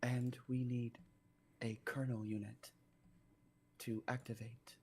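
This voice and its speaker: A man voicing an ancient female nature spirit who speaks slowly and solemnly, sometimes dropping into a whisper. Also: mid-range voice, flat delivery, a little mellow, breathy edge. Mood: pondering. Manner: slow, solemn, drifting into whispers.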